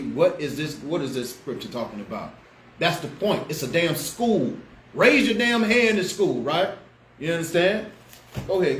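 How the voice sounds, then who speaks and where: Fiery slangy preacher man, echoey room. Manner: fiery, swings between loud outbursts and low asides, slangy. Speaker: street preacher teacher. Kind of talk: preaching street-style Bible class. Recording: echoey room with faint background noise.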